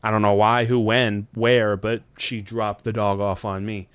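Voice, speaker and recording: Rambling man telling a story, smooth voice. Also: flat delivery, unhurried, no echo. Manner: rambling, profane, jumps into high voices quoting people. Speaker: podcast host. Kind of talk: casual storytelling chat.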